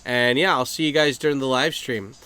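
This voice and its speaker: A man ranting casually to his camera for his channel, swearing freely and acting out other people's lines in quick put-on voices. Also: medium pitch, steady tone, pushed and bright, clear, resonant tone. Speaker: YouTuber. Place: Japan.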